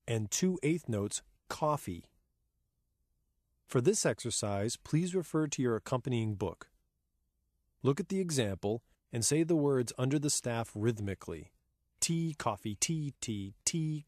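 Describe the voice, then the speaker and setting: A man gives a calm, measured music-lesson narration, every word clear and paced for learners. He counts beats aloud in steady rhythm. The recording is close and dry, with no room sound around him. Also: medium pitch, no echo. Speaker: keyboard instructor. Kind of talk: scripted instructional narration.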